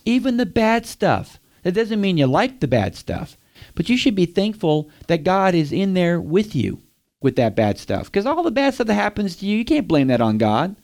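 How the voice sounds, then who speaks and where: Guy preaching a sermon, kinda high voice, keeps asking the crowd stuff. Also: sing-song, normal speed, a little mellow. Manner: direct, asks the listeners questions.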